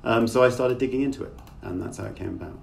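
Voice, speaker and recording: A man's voice: mid-range voice, fast, creaky. A middle-aged man, an author, speaking as a guest in a conversational interview over a video call, thoughtful and rambling with many fillers. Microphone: remote call microphone. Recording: distant mic with faint noise.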